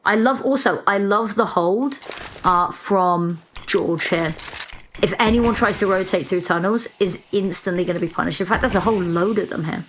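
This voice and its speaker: A British woman calls a live esports match as the analyst, breaking down plays with wry, joking asides. Her voice sits at an ordinary middle pitch, with a faint hiss of noise behind it. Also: moderate pace. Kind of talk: live esports color commentary.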